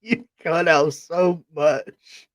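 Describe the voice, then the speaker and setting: A man's voice: on the high side, drawn-out words, dry recording. Give me a man with a raised voice, trading crude laughing banter on a podcast. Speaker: podcast co-host. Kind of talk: casual podcast chat.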